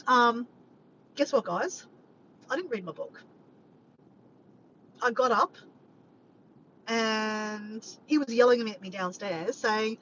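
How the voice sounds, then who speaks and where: Speaking a little slowly and with long pauses, a woman vlogger with a slightly high voice rambles to her viewers during a live stream. She is animated, swears freely and often, and keeps addressing "guys." The sound is slightly muffled, with faint noise in the background.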